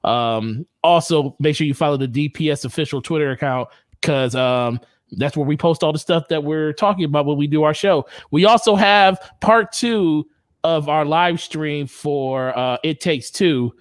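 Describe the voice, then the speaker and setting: A man's voice: a little high, normal speed, dry recording, clean studio sound. Laid-back man plugging his channels. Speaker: podcast co-host. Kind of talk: casual chat.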